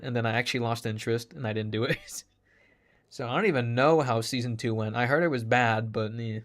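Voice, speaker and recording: A man's voice: medium pitch, a little fast. A man ranting casually to his stream chat, sarcastic, swearing freely, laughing often.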